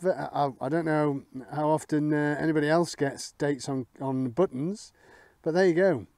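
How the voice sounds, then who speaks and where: A man's voice: fairly high pitch, fairly even intonation, normal speed, a little mellow, dry recording. A middle-aged man, chatting casually to viewers as he detects outdoors and thinks aloud over his finds. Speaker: metal detecting vlogger. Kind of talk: casual commentary while detecting.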